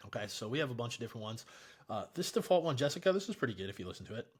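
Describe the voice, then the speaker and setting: A man giving a relaxed, chatty software tutorial, explaining each step in a screen recording. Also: mid-range voice, rapid-fire, husky.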